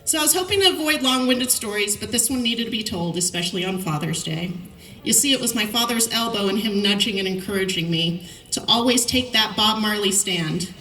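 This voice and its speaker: A middle-aged woman giving a commencement speech, telling lively anecdotes and acting out the lines of people in her stories. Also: mid-range voice, brisk, a little hiss or hum. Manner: storytelling, lively anecdotes with quoted dialogue. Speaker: commencement speaker. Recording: echoey hall, voice from far off.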